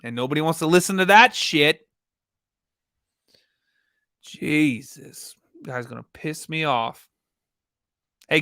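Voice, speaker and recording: Man, tired live host, rambling, swears, bright, dry sound. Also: a little high, dry recording. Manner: rambling, profane, addresses viewers as y'all. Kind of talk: casual live commentary.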